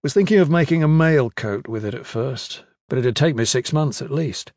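Big shy young guy, narrator doing him, low-key and plain, dry close audiobook sound. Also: moderate pace, darkish tone, no room sound, close to an everyday voice. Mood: reassuring. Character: big young man, awkward, gentle and reassuring.

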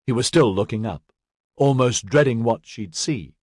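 A man reading a science fiction story aloud in a measured, expressive way. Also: mid-range voice, husky, no room sound, studio quality. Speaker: audiobook narrator. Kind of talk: scripted narration.

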